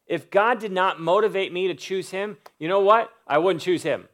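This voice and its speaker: A man's voice: high-pitched, normal speed, fairly bright tone. A man preaching a sermon, building emphatic lists and stressing key words. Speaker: pastor.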